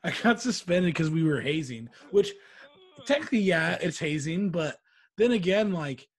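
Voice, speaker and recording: A young man on a podcast telling stories in a casual, animated way, acting out what others said. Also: on the high side, moderate pace. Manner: animated, swearing, acts out quotes. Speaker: podcast co-host. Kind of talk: casual storytelling chat.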